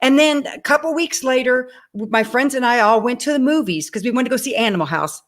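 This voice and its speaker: A woman in her sixties, a guest on an interview show, telling her own story in a lively way, acting out the dialogue and speaking directly to the audience. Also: on the high side, a little fast. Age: 60s. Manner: animated, acts out dialogue in her stories. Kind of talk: personal storytelling.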